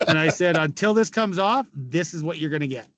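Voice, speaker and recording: Brash storytelling man, slightly high voice. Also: fairly bright tone, no echo. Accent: Canadian. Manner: swearing, laughing, acts out quotes. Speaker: podcast guest, former pro hockey player. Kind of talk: casual storytelling.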